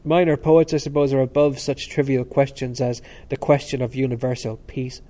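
Blunt, combative young student, mellow low tone, read by a man. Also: steady tone, fast, lightly acted. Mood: mocking. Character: blunt, hostile young male student debater.

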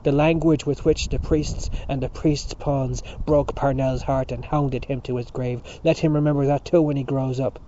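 A man voicing a proud middle-aged man who speaks with slow scorn, on a dull recording with faint hiss. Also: mid-range voice, fairly even intonation, mellow, natural voice. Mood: bitter.

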